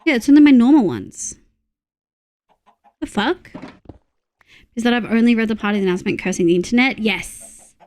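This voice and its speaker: Grumbly Australian woman streamer, higher voice. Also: expressive, moderate pace, long pauses, darkish tone. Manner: grumbling, swears freely, talks to chat while playing. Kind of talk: casual game stream chat.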